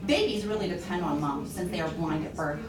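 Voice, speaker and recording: A woman presenting a children's library program, animated and gasping with exaggerated delight. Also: fairly low pitch, brisk, crowd noise. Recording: roomy echo, distant mic, faint hiss.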